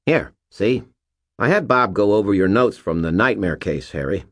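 A man's voice: on the low side, animated, moderate pace, voice pushed up, natural voice. A man voicing a skinny nerdy young man who talks earnestly and eagerly.

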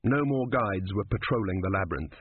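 A man narrating a story in a measured, even storytelling voice, recorded with a dry, phone-like sound. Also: on the low side, husky, no echo. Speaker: audiobook narrator. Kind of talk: scripted narration.

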